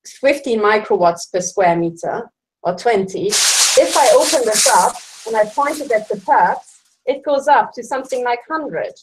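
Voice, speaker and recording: A woman of middle pitch speaks in long, emphatic runs as a guest in a group discussion. Her tone is sarcastic and forceful, and she presses her points hard. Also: poor audio.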